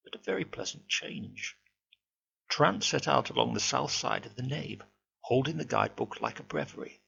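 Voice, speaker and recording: Gravelly man reading a ghost story. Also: medium pitch, pushed and bright. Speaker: narrator. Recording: dull lo-fi home recording with faint hum.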